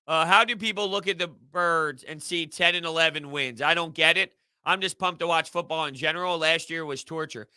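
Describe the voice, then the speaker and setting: Man, live chat host, high-ish voice, dry close sound. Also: fairly quick, few pauses, clear, resonant tone, no room sound. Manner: animated, rambling, repeats himself. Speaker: sports podcast host reading live chat. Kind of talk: casual live-stream chat.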